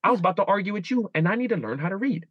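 A man's voice: high-pitched, animated, very fast, husky, no room sound, lo-fi sound. A man in his thirties, a guest in a casual interview, telling stories animatedly and acting out his own inner dialogue. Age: 30s.

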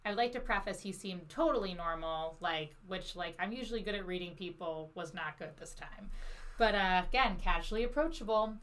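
Animated young woman telling a comic story. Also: on the low side, a little fast. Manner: animated anecdote-telling, acts out quotes, laughs mid-sentence, swears freely. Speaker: podcast host. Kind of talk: casual chat, comic storytelling.

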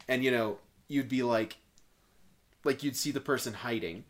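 Dude rambling about being a nerd as a kid, lots of likes and ums, normal pitch. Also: male voice, moderate pace. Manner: rambling, self-deprecating, lots of fillers. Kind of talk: casual chat among friends.

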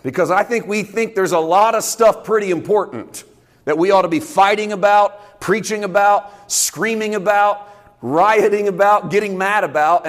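A male pastor teaching a conversational sermon, explaining scripture in a folksy way with casual sports idioms. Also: high voice. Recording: long reverb in a large hall.

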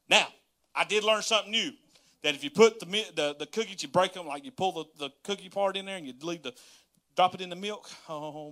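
Pastor in his thirties, bright and animated, chatty livestream sermon. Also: high voice. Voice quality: folksy, laughing, storytelling, animated.

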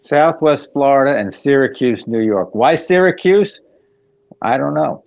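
A man's voice: mid-range voice, expressive, measured pace, gravelly, highs cut off. A man who is a priest and co-host of a talk show, making dry, short joking asides. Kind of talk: casual talk show banter.

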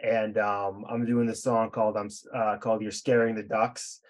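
A man's voice: fairly low pitch, level tone, normal speed. A man hosting a podcast, chatting in an easygoing way with chuckling asides. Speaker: podcast host. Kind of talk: casual podcast chat.

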